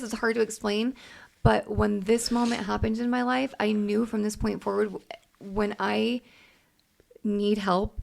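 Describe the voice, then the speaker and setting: Gravelly-voiced woman sharing a painful story. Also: medium pitch. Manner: halting, heartfelt, many restarts. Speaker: podcast co-host. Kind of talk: emotional personal storytelling.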